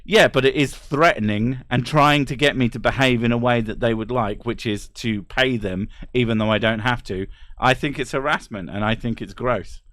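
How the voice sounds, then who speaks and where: A man talks loosely and bluntly on a stream, swearing freely and breaking into short laughs. His voice sits at an ordinary pitch and the sound is close and dry, with no room in it. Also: moderate pace, hardly any pauses, a bit bright, no echo. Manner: blunt, profane ranting with laughs. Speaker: streamer reading chat. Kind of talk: casual livestream chat.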